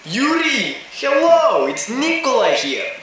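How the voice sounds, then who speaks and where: A man's voice: very high voice, wildly swooping pitch, slow, fairly bright tone, very echoey, slight background noise, voice pushed up, exaggerated voice, poor audio. A man voicing a chatty Russian man on the phone, in a heavy put-on Russian accent. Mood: boisterous. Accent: mock Russian.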